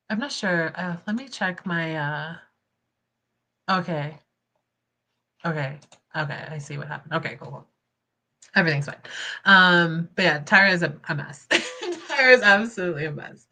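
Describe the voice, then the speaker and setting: A young woman hosting casual livestream commentary, expressive and indignant, laughing often between points. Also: fairly low pitch. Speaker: commentary channel host.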